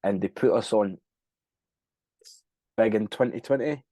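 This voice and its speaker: A man's voice: lowish voice, measured pace, dark tone, no room sound. Rambling, swearing Scottish man. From Scotland. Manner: rambling, swears freely, loses track of dates. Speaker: band frontman, podcast guest. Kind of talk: casual interview chat.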